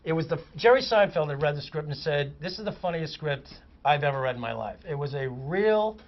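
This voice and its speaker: A man, a comic actor, telling lively anecdotes as a guest on a chat show. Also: fairly high pitch, fairly quick. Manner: animated raconteur, vivid descriptive detail. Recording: muffled lo-fi audio.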